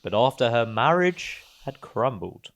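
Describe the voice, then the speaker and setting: A man's voice: medium pitch, very animated, measured pace. A man co-hosting a podcast, telling a story with dramatic delivery. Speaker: podcast co-host. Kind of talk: casual chat.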